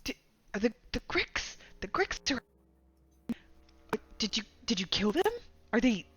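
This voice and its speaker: Stammering, frightened small halfling man, pitched up, played by a woman. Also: big pitch swings, measured pace, a bit bright, slightly rough, no room sound, heavily acted. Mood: panicky. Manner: stammering, panicky. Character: frightened male halfling adventurer.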